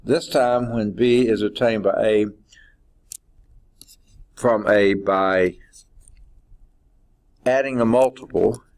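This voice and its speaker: A man's voice: lowish voice, fairly even intonation, slow, pauses often, a little mellow. A man teaching a math class, rambling and thinking aloud with frequent okays. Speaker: math professor. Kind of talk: classroom lecture. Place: lecture classroom.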